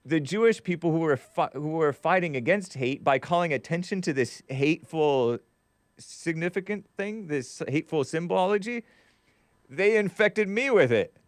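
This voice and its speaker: A man's voice: fairly high pitch, expressive, normal speed, no echo, studio quality. A man hosting a live talk stream, reading viewer chats with a wry tone and frequent laughs. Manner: wry, laughs often, trails off and restarts. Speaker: show host.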